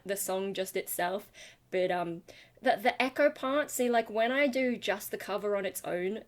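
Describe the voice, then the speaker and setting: A tired young woman, a singer and channel host, rambling casually and self-deprecatingly about vocal technique into a webcam. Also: mid-range voice. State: tired from lack of sleep. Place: home, talking to a webcam.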